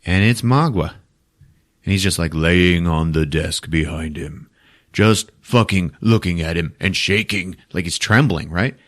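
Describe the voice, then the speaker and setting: A man hosting a podcast, retelling a movie in a profane, animated way. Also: low voice, unhurried. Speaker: podcast host. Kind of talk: casual movie recap. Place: podcast studio.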